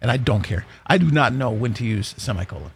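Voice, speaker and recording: A man's voice: mid-range voice, expressive, fast, a little hiss or hum. A man hosting a morning radio show in a studio, chatting in a rambling, jokey way and telling stories. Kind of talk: casual radio banter.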